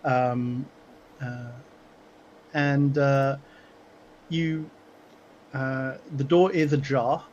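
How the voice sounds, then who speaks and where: A man narrating as game master for a tabletop game, halting and full of fillers. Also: mid-range voice, flat delivery, a little mellow, dull audio, a little hiss or hum.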